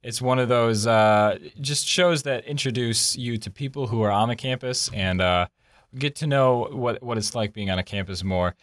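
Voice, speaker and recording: A young man hosting a casual college podcast, relaxed and rambling with lots of fillers. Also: medium pitch, moderate pace, no echo, studio quality. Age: young adult. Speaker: podcast host. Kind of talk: casual chat. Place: college campus.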